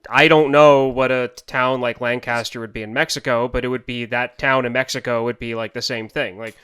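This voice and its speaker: A man's voice: medium pitch, fairly even intonation, fairly quick, pushed and bright, clean tone. A man co-hosting a podcast, rambling and restarting his sentences in casual chat. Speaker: podcast co-host.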